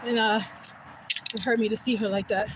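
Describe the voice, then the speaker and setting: A woman's voice: fairly high pitch, fairly even intonation, brisk, very noisy. Emotional woman vlogging outdoors. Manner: emotional, laughing often, trailing into soft whispers. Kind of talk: emotional casual storytelling. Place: outdoors, walking back from voting.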